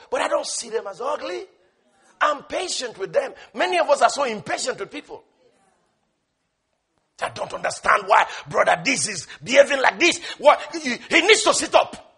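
A male preacher delivering a passionate sermon. He swings between shouted, repeated declarations and hushed, quiet urging. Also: very high voice, creaky, husky. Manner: repetitive, emphatic.

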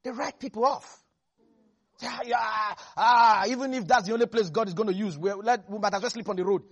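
A preacher giving an animated sermon, repeating lines for emphasis and laughing often. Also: mid-range voice, racing, slightly rough. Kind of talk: lively sermon.

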